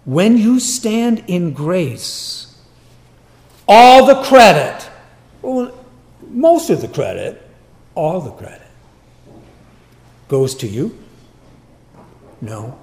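Animated gravelly male preacher. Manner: animated, swinging from loud emphasis to quiet low asides; acts out boastful voices in quick quoted asides. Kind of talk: sermon.

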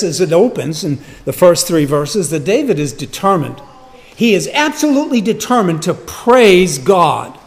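A male preacher delivers a sermon slowly and deliberately, hammering home his points by repeating them. His pitch sits a little high and rises and falls freely. The sound carries a long reverb, as in a large hall. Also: darkish tone. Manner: emphatic, repeats key phrases.

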